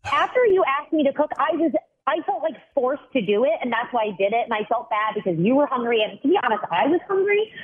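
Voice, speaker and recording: A young woman's voice comes through a thin, tinny phone line, husky and rising and falling widely. She complains with a sarcastic, exasperated edge, as if she still can't believe what happened. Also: sits high, very animated, quick pace. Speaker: caller on a radio show. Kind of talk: phone call on morning radio.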